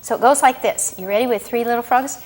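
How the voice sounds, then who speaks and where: A woman reading a picture book aloud to young children as storyteller, asking them questions as she goes. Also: fairly high pitch. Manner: animated, asks children questions often; drawn-out sing-song rhyming delivery.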